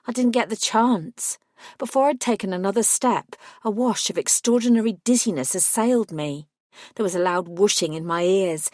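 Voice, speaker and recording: A woman reading a first-person paranormal audiobook with wry, measured narration. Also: medium pitch, a little mellow, no echo, clean studio sound.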